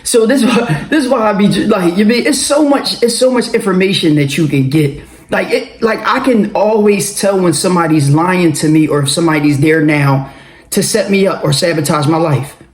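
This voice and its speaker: A man telling his own story in a casual, animated monologue, swearing and laughing often. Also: high-pitched, normal speed, reverberant. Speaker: vlogger telling a personal story.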